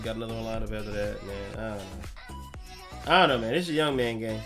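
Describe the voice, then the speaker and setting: A young man with a medium-pitched voice talks fast on his gaming live stream, with faint music in the background. His chat is loose and slangy, drifting between topics with plenty of talking to himself.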